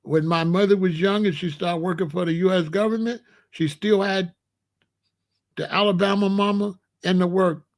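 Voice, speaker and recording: A man's voice: high-pitched, fairly even intonation, normal speed. A middle-aged man from the United States talking in a blunt, emphatic casual monologue, often repeating himself. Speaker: commentary channel host.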